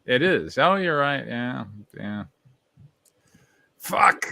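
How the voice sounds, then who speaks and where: A man's voice: mid-range voice, animated, drawn-out words, vocal fry, sharp tone, a little hiss or hum. A man in a casual script workshop who steers the reading with loose, joking asides. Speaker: workshop participant.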